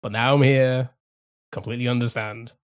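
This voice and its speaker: A man's voice: medium pitch, fairly even intonation, normal speed, smooth. A man rambling casually to his live-stream chat, swearing freely and restarting his sentences often. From England.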